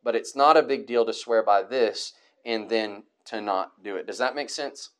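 A man's voice: lowish voice, moderate pace. A man teaching a Bible study class, reading verses aloud and explaining them, with fillers and restarts.

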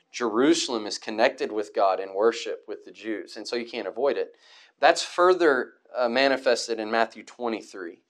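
A man teaching a Bible study class, reading verses aloud and explaining them, with fillers and restarts. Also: on the low side.

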